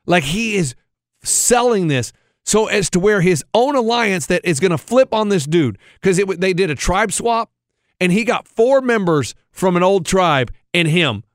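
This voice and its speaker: A man cohosting a radio show, telling a story in animated, incredulous casual banter. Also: high-pitched, moderate pace, no room sound, studio quality.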